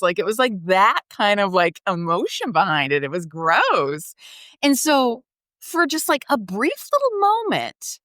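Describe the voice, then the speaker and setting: A woman's voice: on the high side, big pitch swings, a little slow, fairly bright tone, no room sound, clean studio sound. A woman podcast host, guiding a reflection exercise and telling a personal story in a conversational way, often saying "like" and laughing.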